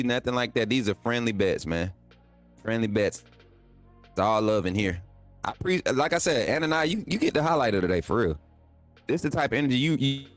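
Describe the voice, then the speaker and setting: Laid-back man chatting with his stream chat. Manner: laid-back, talks to chat as "man" and "y'all", pitch jumps up when excited. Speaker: livestream host. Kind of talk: casual livestream chat reading viewer comments.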